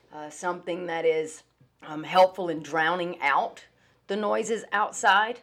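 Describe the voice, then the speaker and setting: A woman with a slightly low voice hosts a podcast on dog training. She talks in a relaxed, chatty way and often pauses on "um" and "uh" as she explains. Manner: relaxed, chatty, with many ums and uhs. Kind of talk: casual podcast talk.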